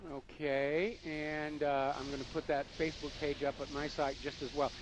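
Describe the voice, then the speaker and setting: A man's voice: on the high side, flat delivery, moderate pace. Radio host man over noisy audio. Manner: pointed, interjecting with hesitations. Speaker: radio talk show host. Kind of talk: radio interview.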